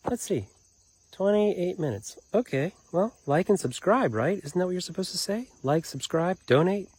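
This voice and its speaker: A man rambling through a personal story for his vlog, profane and full of fillers, acting out what people said and sometimes shouting. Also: high voice, breathy edge. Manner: animated, profane, many fillers and restarts; acts out quoted lines, sometimes shouting. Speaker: vlogger telling a personal story.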